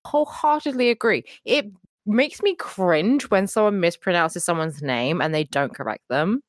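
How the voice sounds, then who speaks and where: A woman's voice: on the low side, expressive, moderate pace, dry recording. A woman co-hosting a podcast, chatting casually, swearing and acting out quotes in shifting voices. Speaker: podcast co-host. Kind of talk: casual chat.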